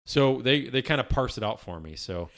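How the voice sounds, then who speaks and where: A man's voice: medium pitch, expressive, moderate pace, fairly bright tone. A man co-hosting a podcast, rambling in casual chat and trailing off into mumbles. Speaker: podcast co-host.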